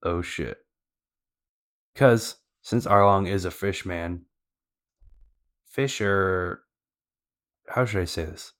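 A man with a deep, low voice recaps the story for a podcast. His delivery is casual and slangy, with loose fillers and asides. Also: slow pace, long pauses, fairly bright tone. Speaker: podcast co-host.

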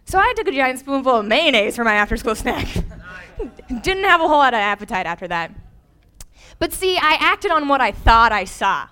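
A young woman preaching a sermon, telling a personal story with lively, animated voices for the people she quotes. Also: sits high, brisk.

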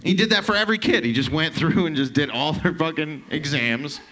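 A man in his thirties from Canada doing a stand-up set, telling profane, rambling stories with quick asides. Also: on the high side, sharp tone. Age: 30s. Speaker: stand-up comedian.

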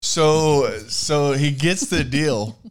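A man's voice: on the high side, drawn-out words, a little hiss or hum. A man co-hosting a casual chat, retelling a story in a rambling way and acting out the voices of the people in it. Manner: rambling, acts out quoted voices. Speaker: podcast co-host.

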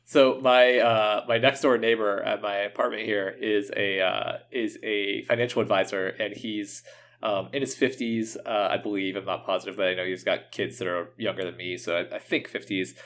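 A man's voice: lowish voice, fairly even intonation, normal speed, a bit bright, slight background noise. A man co-hosting a casual podcast, hedging his words and often joking. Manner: hesitant, hedging, playful. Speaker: podcast co-host.

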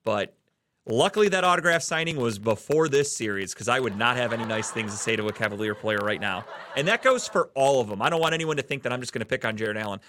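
A man's voice: medium pitch, lively intonation, quick pace, fairly bright tone, slight background noise. A man from the Cleveland area hosting a casual sports podcast, ranting heatedly and swearing often. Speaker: podcast host.

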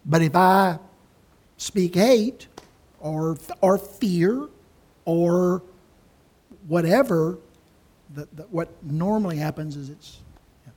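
A man talks through a Bible lesson at an unhurried, slow pace. His voice is husky and a little breathy, and he stresses key words with deliberate emphasis. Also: high voice, darkish tone. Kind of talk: conversational Bible teaching.

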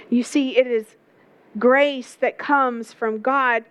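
A woman's voice: fairly high pitch, steady tone, slow pace, smooth, highs cut off. A woman preaching a sermon, telling a story with emphatic repetition.

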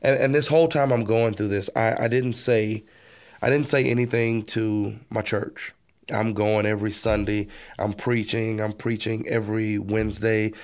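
A man's voice: on the low side, flat delivery, moderate pace. A man, a pastor, earnestly telling his personal testimony in an interview. He often repeats words as he restarts a thought.

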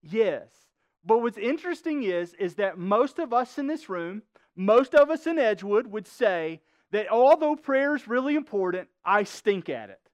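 A man's voice: sits high, sing-song, normal speed, dry recording. A man preaching a sermon as pastor, emphatic, often asking the congregation questions. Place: church.

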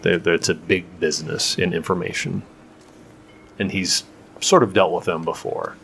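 A man's voice: deep voice, steady tone, normal speed, vocal fry, fairly bright tone, slight background noise. A man narrating as game master in a loose, rambling way with many fillers.

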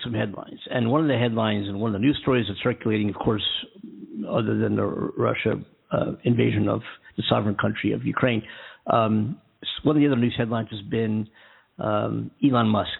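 A man's voice: lowish voice, vocal fry, slightly rough. A man hosting a podcast alone, chatting casually and rambling with lots of fillers and restarts. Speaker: podcast host. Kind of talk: casual solo podcast chat. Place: California. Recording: tinny phone-like line.

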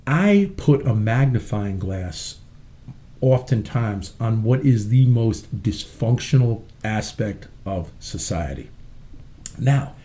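List: man, interview guest, musician, profane, rambling, mellow tone, lively swooping pitch. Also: slow pace. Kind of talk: casual interview chat.

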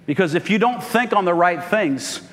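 A man's voice: high-pitched, lively intonation, normal speed, fairly bright tone, in a large hall. A man pastor preaching a sermon, calling out for "Amen" from the congregation. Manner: call-and-response preaching, frequent "Amen?". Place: church sanctuary.

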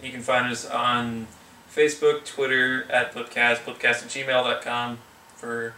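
Bright, quick-talking man in an echoey room. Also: medium pitch, level tone. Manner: quick, rambling, swears casually. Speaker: podcast host. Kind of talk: casual chat. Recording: echoey room, distant mic, faint noise.

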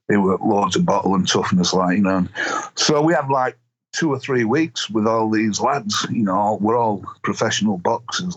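Man, ex-boxer guest, husky and lowish, rambling yarns, dull lo-fi audio. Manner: rambling anecdotes with many fillers. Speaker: guest, former boxer and rugby league player. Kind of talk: casual storytelling interview.

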